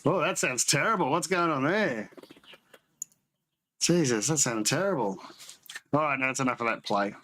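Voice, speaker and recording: This man speaks at a normal speed and medium pitch, pausing often against a noisy background. Hosting a homebrewing livestream, he keeps the chat casual and rambling, sipping beer on stream and catching and correcting his own words.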